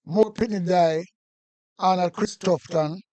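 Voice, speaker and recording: High-voiced Jamaican man ranting. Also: fairly even intonation, measured pace, mellow, no room sound. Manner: heated, repetitive, patois-laced rant. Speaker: commentator. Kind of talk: casual political commentary.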